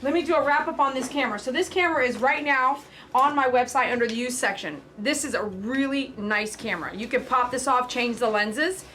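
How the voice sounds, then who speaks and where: Loud, chatty woman groomer on a livestream. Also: a little fast, slight background noise. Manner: loud, talkative; chatty sales pitch. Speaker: pet groomer and livestream host. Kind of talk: casual livestream chat.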